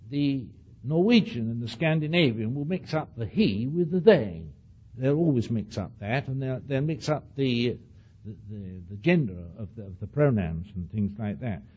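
Older man, accented, husky voice, lively swooping pitch, storytelling lecture, dull lo-fi recording. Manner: animated storytelling with asides to the audience; says he speaks with an accent. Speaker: speaker addressing an audience. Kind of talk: anecdotal lecture.

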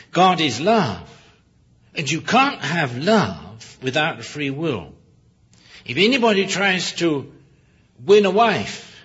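A man preaching a sermon, emphatic and full of rhetorical questions, often pausing to correct himself with apologies. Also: fairly high pitch, fairly bright tone, breathy edge. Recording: dull lo-fi recording.

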